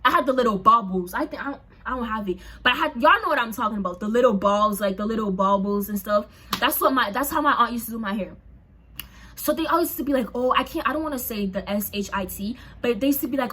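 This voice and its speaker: A young woman from a Haitian family, chatty and animated, telling a personal story in a casual vlog. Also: on the high side, fast talker, husky. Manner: chatty, animated, lots of "like" and asides to viewers. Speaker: storyteller vlogger.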